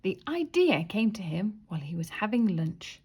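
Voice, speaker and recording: A woman reading a children's story aloud with expressive, animated pitch. Her voice is soft and breathy, dropping now and then to a whisper. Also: moderate pace. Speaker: story reader.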